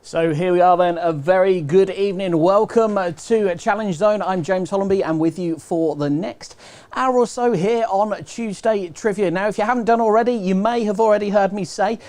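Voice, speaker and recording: A man's voice: high-pitched, moderate pace, a little mellow. A man with a British accent hosting a live online quiz, chatty and upbeat, walking viewers through the rules. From United Kingdom. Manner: chatty, upbeat, repeats instructions. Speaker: quiz host.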